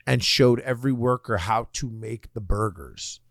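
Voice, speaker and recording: A young man co-hosting a podcast, giving quick, teasing, rambling explanations. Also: medium pitch, gravelly, no room sound, clean studio sound. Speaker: podcast co-host. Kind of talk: casual podcast banter.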